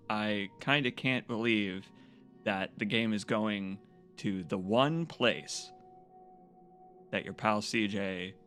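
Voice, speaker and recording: A man chatting casually and excitedly to his viewers as a game streamer, rambling and joking. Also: fairly low pitch. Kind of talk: casual live-stream chat.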